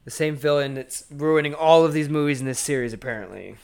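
A man's voice: on the high side, brisk, vocal fry, a little mellow, smooth. A man co-hosting a casual movie podcast, joking and reading out trivia questions. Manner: runs trivia quizzes, joking. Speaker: podcast co-host.

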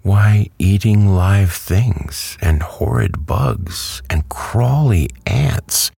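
A man voicing an earnest, insistent little country girl in a storybook reading, his husky voice lifted higher. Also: extremely slow, warm tone, no echo, studio quality, heavily acted.

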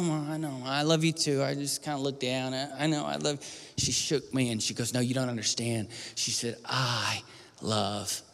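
A man preaching a sermon, telling a personal story and moving from hushed near-whispers to loud pleading. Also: medium pitch, vocal fry. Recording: long hall reverb with faint music.

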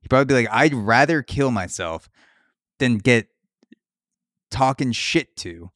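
Young male podcast host, crude riffing comic, middle pitch, dry recording. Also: lively intonation, a little slow, a bit bright, dry recording. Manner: crude, riffing, shifts into mock voices for bits. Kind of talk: comedic podcast rant.

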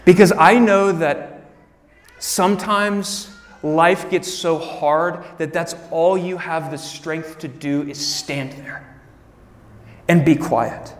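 A man's voice: fairly high pitch, slow pace, big-room sound. A young adult man preaching a sermon to a church congregation, speaking casually and often turning to the crowd. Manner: casual, animated preaching with direct asides to the congregation. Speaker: pastor. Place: church hall.

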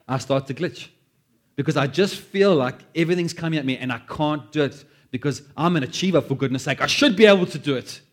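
A man preaching a sermon, animated, acting out quoted prayers and joking at his own expense. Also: a little high, normal speed, pauses often. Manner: animated, acts out quoted prayers, self-deprecating asides. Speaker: pastor.

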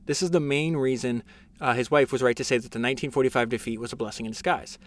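A man's voice: mid-range voice, fairly even intonation, fast talker. A man hosting a casual podcast, summarizing a biography with enthusiasm, reading passages aloud with frequent fillers and restarts. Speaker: podcast host.

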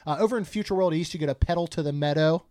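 A man's voice: fairly high pitch, rapid-fire, darkish tone, no echo. Chatty man co-hosting a podcast, dry sound. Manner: chatty, jokey, reads menu items aloud. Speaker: podcast co-host. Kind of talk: casual podcast chat.

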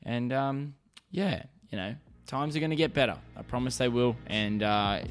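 A man's voice: mid-range voice, normal speed, over music. Foul-mouthed Australian man ranting. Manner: profane, rambling, ranting. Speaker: podcast host. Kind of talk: solo podcast rant.

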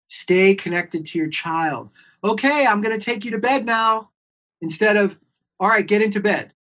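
A clinician guest in an interview, explaining earnestly and emphatically and repeating key points. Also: mid-range voice. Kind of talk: expert explaining on a podcast interview.

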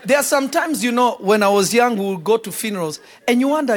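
A man preaching a sermon to a church congregation, shouting out points and acting out quotes. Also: extremely high pitch, lively intonation, fast talker. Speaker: pastor. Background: congregation responding.

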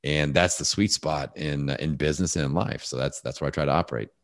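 A man with a big, deep voice, talking casually as a guest in a podcast interview and telling animated stories. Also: fairly quick, no room sound, clean studio sound. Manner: animated storyteller, acts out voices.

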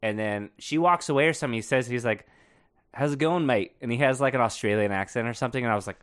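A man's voice: medium pitch, rapid-fire, a bit bright, smooth. A man co-hosting a podcast in casual chat, telling joking stories and laughing often. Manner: jokey storyteller, laughs often. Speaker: podcast co-host.

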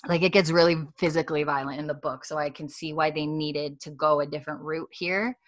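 Podcast co-host, woman with a low voice; chatty recap, leans on fillers and acts out lines. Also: brisk. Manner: animated retelling, acting out dialogue with lots of "like" and "um". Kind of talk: casual chat.

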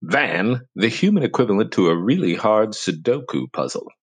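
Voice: medium pitch, sing-song, moderate pace, husky. Wry tabletop game narrator. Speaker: game master.

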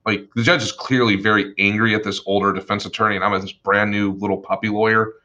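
Lower-voiced man with a bright, forceful edge. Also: fast talker, dull audio. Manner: animated, profane, acts out the people he quotes. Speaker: attorney telling stories from his career. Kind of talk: casual storytelling chat.

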